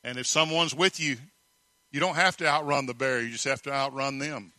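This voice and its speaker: A man's voice: medium pitch, fairly even intonation, a little fast, pushed and bright, dry recording. A man preaching a sermon, telling stories emphatically and asking rhetorical questions. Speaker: pastor.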